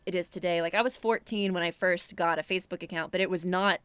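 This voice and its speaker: A woman's voice: lowish voice, steady tone, quick pace, fairly bright tone, clear, resonant tone, dry recording. A young woman co-hosting a podcast, talking in a candid, reflective, casual way. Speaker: podcast co-host.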